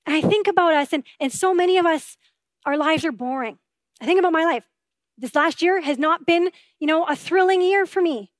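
A woman preaching a sermon with a high, clear voice, earnest and conversational, often turning to rhetorical questions. The sound is close and dry, with no room around it. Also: no room sound. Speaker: pastor.

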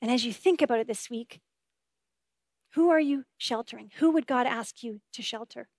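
High-voiced woman preaching earnestly. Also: normal speed, darkish tone, no room sound. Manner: earnest, conversational preaching with rhetorical questions. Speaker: pastor. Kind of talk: sermon.

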